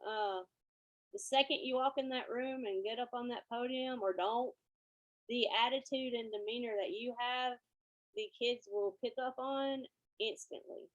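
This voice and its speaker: Lively woman band teacher presenting. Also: fairly high pitch, measured pace, muffled recording. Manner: lively storyteller, acts out quotes. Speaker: school band director presenting. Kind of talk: conference presentation.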